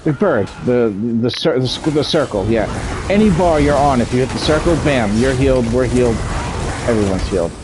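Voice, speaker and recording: A man's voice: medium pitch, lively intonation, fairly quick, over music, poor audio. Chatty male gaming streamer. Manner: chatty, explaining mechanics, swears freely. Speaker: streamer playing an online game. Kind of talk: casual gameplay commentary.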